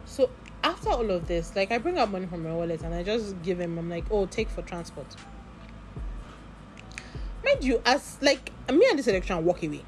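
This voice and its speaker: A woman's voice: mid-range voice, a little hiss or hum. A woman with a Nigerian accent, telling a long story in a casual vlog and full of asides and acted-out dialogue. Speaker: vlogger.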